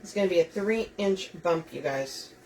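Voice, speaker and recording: A woman's voice: fairly low pitch, normal speed, a little mellow. A woman hosting a live craft demonstration, chatting with viewers as she talks them through each step. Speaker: wreath-making host. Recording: distant mic, faint room noise.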